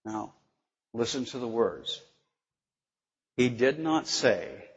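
A man delivers a sermon in an unhurried, deliberate way, stressing his words and pausing to put questions to his listeners. The recording is dull and lo-fi, and his voice rings out with the long reverb of a large hall. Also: medium pitch, lively intonation. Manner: slow, emphatic, asks the listeners questions. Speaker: preacher.

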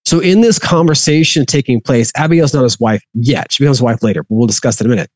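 A man's voice: medium pitch, fast talker, dry recording. A man reading a scripture passage aloud and then explaining it in a conversational teaching manner. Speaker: Bible teacher.

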